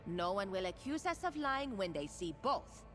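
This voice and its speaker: An actress voicing a gentle, clever cat-folk woman in a game who speaks in clipped phrases without articles. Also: mid-range voice, very animated, moderate pace, big-room sound, soft background music. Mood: playful.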